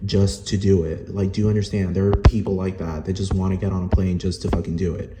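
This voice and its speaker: A man's voice: deep voice, level tone, fast, heavy background noise. A man from Rico, a Spanish speaker, ranting angrily and profanely to camera with lots of "like". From Puerto Rico. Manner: profane, heated, fillers of "like". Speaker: vlogger. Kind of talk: angry rant to camera. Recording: roomy echo.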